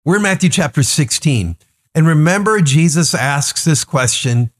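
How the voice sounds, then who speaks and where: A man's voice: mid-range voice, lively intonation, unhurried, long pauses. A man in his sixties, a pastor giving a daily devotional sermon in an earnest, emphatic way, stacking up rhetorical questions and lists.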